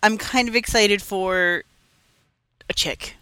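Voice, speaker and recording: A woman co-hosting a casual podcast, chatty and teasing, with quick reactions. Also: medium pitch, pushed and bright, clear, resonant tone, no room sound. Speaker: podcast co-host. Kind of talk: casual chat.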